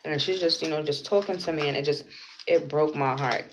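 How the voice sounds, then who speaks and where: A woman's voice: sits low, brisk, slight background noise. A mother telling a personal story in an emotional vlog, earnest and repetitive, close to tears and swearing now and then. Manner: tearful, earnest, repeats herself, swears.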